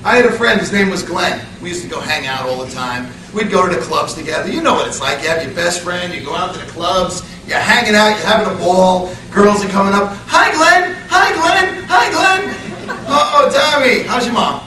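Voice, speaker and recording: A middle-aged man giving a humorous motivational speech, an animated storyteller acting out scenes. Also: brisk, hardly any pauses. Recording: echoey hall, mic far off, low rumble.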